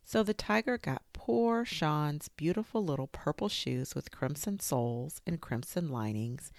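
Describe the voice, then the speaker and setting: A woman reading a children's story aloud in an expressive, lilting way. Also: low voice, measured pace, no room sound, clean studio sound.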